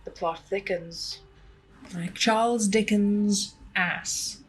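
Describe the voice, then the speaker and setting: A woman's voice: medium pitch, slow, slight background noise. Joking, foul-mouthed woman playing a game. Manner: casual, joking, swears freely. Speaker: gaming video creator. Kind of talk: gameplay commentary, reading game text aloud.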